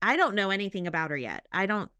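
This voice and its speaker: A woman hosting a podcast in casual chat, agreeable and quick with short affirmations. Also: medium pitch, very animated, sharp tone, dry recording, clean studio sound. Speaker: podcast host.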